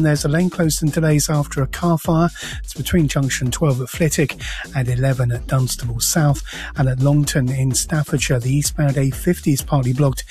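A man reading a radio traffic bulletin in a brisk, matter-of-fact way. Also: medium pitch, darkish tone. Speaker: traffic and travel reporter. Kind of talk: read radio travel bulletin.

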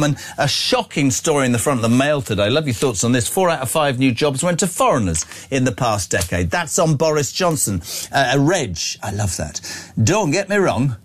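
A middle-aged man hosting a breakfast radio show, chatty and opinionated as he reads out listener texts. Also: mid-range voice. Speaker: radio host. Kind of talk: breakfast radio talk and text reading.

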